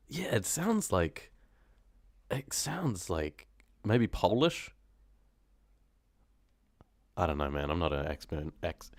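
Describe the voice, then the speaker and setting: A young man with a New Zealand accent talks to his live chat in a very deep, low voice. He is casual, slangy and quick to laugh. The sound is close and dry, with keyboard clicks behind. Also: creaky, no echo. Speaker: horror story narrator live-streaming.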